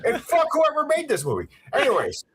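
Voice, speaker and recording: A man's voice: extremely high pitch, wildly swooping pitch, brisk, a bit bright. A man hosting a podcast, giving a heated, profane rant reviewing a movie. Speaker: podcast host.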